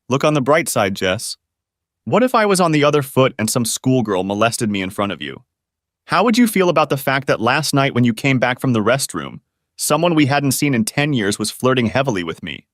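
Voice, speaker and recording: Man reading a reddit-style story, earnest, pitch swings around a lot, dead dry sound. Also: no echo. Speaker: narrator. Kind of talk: scripted story narration.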